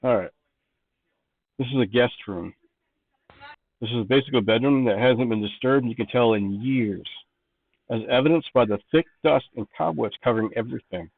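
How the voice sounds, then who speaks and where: A man's voice: medium pitch, moderate pace, creaky, pauses often, narrow, tinny audio. A man narrating as game master, describing rooms and thinking aloud as he sets each scene.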